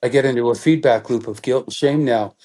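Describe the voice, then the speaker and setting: Speaking at a fairly quick clip in a mid-range voice, this middle-aged guest expert explains things animatedly during an interview. He teaches as he goes, performing the thoughts he quotes.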